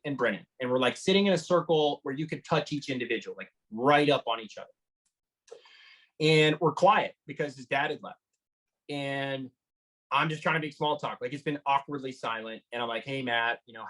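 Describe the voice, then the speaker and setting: A man giving an interview, retelling a tense encounter in an animated way, with lots of fillers and restarts. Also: mid-range voice, poor audio. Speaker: motorcycle engine builder guest. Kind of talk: storytelling interview.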